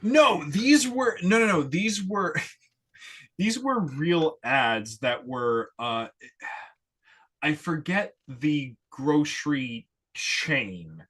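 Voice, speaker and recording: A man with a fairly high, lively voice co-hosting a casual comedy chat. He explains things loosely, with lots of fillers. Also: drawn-out words, breathy edge. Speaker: podcast co-host.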